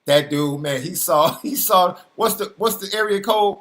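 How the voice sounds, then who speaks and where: A man's voice: high-pitched, unhurried, a bit bright. A man co-hosting a sports podcast, teasing his partner in casual banter, repeating himself and laughing often. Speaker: podcast co-host.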